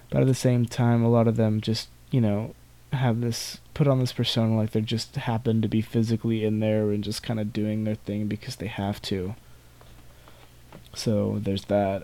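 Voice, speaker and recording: Male, teens, podcast host, solo monologue, rambling, low voice, warm tone. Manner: rambling, many restarts and asides.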